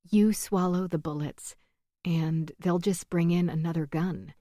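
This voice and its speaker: A woman's voice: on the low side, steady tone, measured pace, warm tone, no echo, studio quality, close to an everyday voice. A woman reading the part of a desperate female radio host and mother, speaking in an intense, cutting way.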